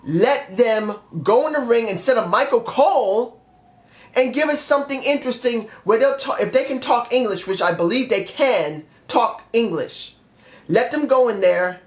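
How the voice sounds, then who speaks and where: A man's voice: extremely high pitch, reverberant. A man giving blunt, opinionated reviews in a casual vlog, often dismissive. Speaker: wrestling show reviewer.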